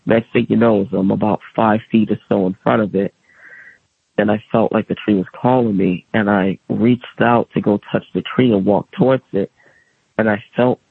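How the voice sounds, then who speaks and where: A man's voice: fairly low pitch, gravelly, breathy edge, dry recording. A young man, a guest on the show, earnestly telling a personal story and voicing the dialogue of the people in it. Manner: earnest, vivid retelling with quoted dialogue. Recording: tinny dry phone-line sound.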